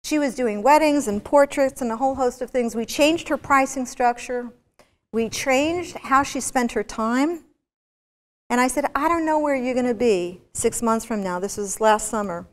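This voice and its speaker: Woman guest lecturer, kinda high voice, lively storytelling, echoing hall. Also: moderate pace. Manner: energetic storytelling with rhetorical questions to the audience. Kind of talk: motivational university lecture. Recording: long reverb of a lecture hall.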